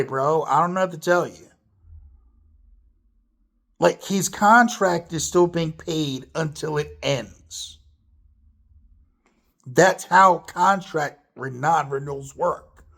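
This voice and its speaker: Profane, fired-up ranting man. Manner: lively, swooping pitch. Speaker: wrestling commentator. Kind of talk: opinion rant to camera.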